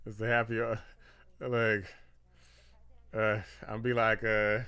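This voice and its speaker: This is a man running a political livestream who reacts out loud to news and posts. His voice is bright and pushed forward, and he laughs easily. He wanders through his thoughts with fillers and restarts. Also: fairly low pitch, slow, long pauses, clean tone. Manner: excitable, laughing, reads posts aloud. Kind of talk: live reaction commentary.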